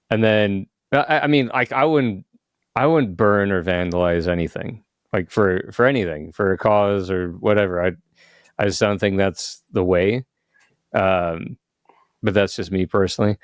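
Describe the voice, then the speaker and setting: A man's voice: fairly low pitch, clean tone, dry recording, clean studio sound. A man co-hosting a podcast in casual chat, hesitant, with many restarts and fillers. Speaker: podcast co-host.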